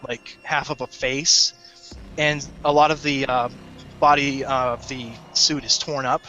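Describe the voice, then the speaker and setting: A man narrating a tabletop game as game master in a descriptive, halting way. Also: medium pitch, level tone, bright, forceful tone, highs cut off, faint music behind.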